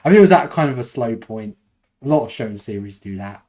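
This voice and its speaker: A man's voice: mid-range voice, lively intonation, fast, mellow. A young British man co-hosting a podcast in casual chat, rambling and self-deprecating, laughing often. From United Kingdom. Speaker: podcast co-host.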